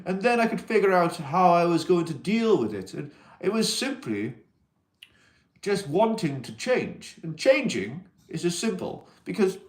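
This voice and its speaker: In a high, sing-song voice and an unhurried pace, a man runs a casual mental-health livestream, answering viewers' comments as an alien persona talking to humans. He rambles, and his unplaced accent prompts questions from viewers.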